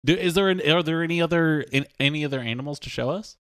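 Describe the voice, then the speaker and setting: A man's voice: on the high side, quick pace, a bit bright. A man who produces a podcast, bantering in a wry, joking way.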